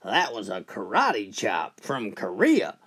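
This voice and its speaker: A man playing a huge, burly male bully who speaks in a gruff, low, heavy voice. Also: wildly swooping pitch, takes it slowly, a bit bright, heavily acted. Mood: menacing.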